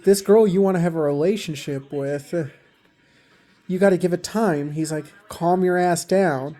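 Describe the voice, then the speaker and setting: A man's voice: on the high side, normal speed, dark tone, faint music behind. A young man casually retelling relationship advice he got, rambling with lots of fillers. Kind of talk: casual storytelling vlog.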